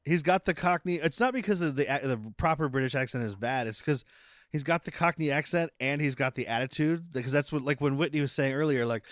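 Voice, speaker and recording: A man's voice: fairly high pitch, fairly quick, dry recording. Man, podcast co-host, chatty scene-recapper, casual and profane, dry recording. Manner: animated storyteller, recaps scenes, swears. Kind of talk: casual movie-review chat.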